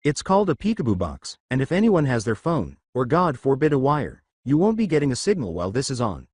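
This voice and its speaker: A man's voice: mid-range voice, sing-song, a little fast, a little mellow, slightly rough, dry recording. A man voicing a laid-back, sardonic young American man with an offhand manner. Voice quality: dry, offhand.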